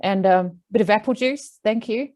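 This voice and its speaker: A woman voicing an elated, chatty female horse who gives eager instructions in a high voice. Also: moderate pace, a little mellow, close to an everyday voice. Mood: bossy. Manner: giddy, bossy, giving eager instructions.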